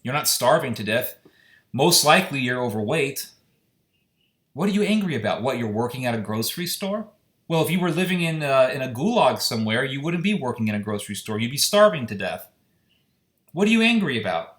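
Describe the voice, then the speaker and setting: A man's voice: mid-range voice, sing-song, brisk, a bit bright. A man with an ordinary mid-range voice delivers an impassioned solo monologue. He sounds indignant and keeps pressing rhetorical questions. His voice rings with the echo of the room around him. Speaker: commentator. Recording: echoey room.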